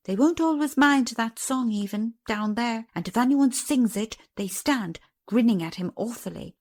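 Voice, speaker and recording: A plucky young miner boy talks in a brisk, confident way, sure of himself, as a woman reader puts him on. His voice moves lively and bright with assurance, in a spoken storybook. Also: fairly high pitch.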